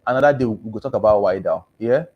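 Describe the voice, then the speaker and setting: A man's voice: fairly low pitch, quick pace, highs cut off, slight background noise. Male doctor, Nigerian Pidgin accent, casual live-stream host, easygoing and repetitive, voice starting to wear. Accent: Nigerian Pidgin English. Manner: chatty, switches between English and Pidgin, repeats thanks. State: voice going hoarse. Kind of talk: casual live-stream chat reading comments.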